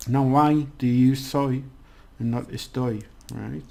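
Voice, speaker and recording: A man's voice: mid-range voice, fairly even intonation, measured pace, creaky, mellow. A man giving a casual language lesson, chatty and rambling with many restarts. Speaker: language teacher.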